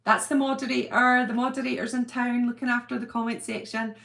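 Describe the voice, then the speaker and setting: A woman's voice: fairly high pitch, level tone, a little fast, vocal fry, fairly bright tone. A middle-aged woman hosting a live chat, talking casually and reading out viewer comments, rambling and laughing often. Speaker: livestream host.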